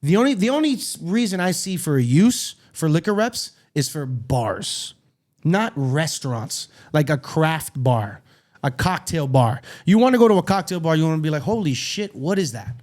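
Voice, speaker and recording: A man co-hosting a podcast, chatting in a blunt, animated way and swearing freely. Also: a little high, normal speed. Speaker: podcast co-host. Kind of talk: casual chat. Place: studio.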